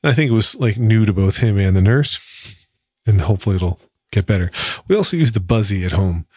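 A man's voice: fairly low pitch, darkish tone, no echo, studio quality. A man giving a casual personal update, chatty and wry, laughing now and then. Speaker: vlogger.

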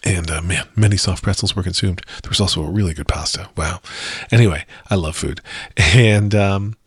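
A man's voice: low-pitched, normal speed, husky, no echo, clean studio sound. A man in his forties hosting a podcast, telling a rambling, self-deprecating story about his weekend in a casual monologue. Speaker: podcast host.

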